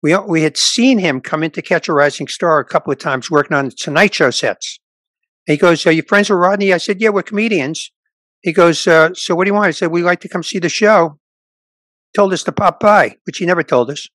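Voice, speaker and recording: A man's voice: on the high side, a little fast, dry recording. An older male stand-up comedian telling stories in a casual interview, acting out the people he quotes. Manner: animated anecdote teller, quotes people in voices.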